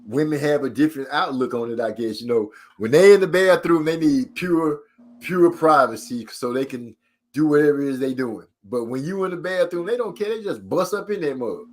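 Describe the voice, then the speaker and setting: Animated storytelling man, slightly high voice. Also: brisk. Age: middle-aged. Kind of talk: casual comedic chat.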